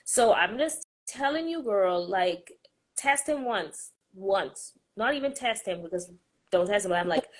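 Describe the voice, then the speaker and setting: A woman, a podcast host chatting casually about faith in a fast, emphatic, sassy way. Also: medium pitch, expressive, rough recording.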